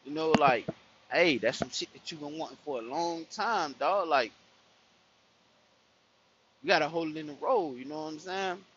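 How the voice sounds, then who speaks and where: A man's voice: a little high, normal speed, long pauses, fairly bright tone, breathy edge. A man telling a personal story in casual, profane street slang, acting out the people he quotes. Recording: dull lo-fi recording.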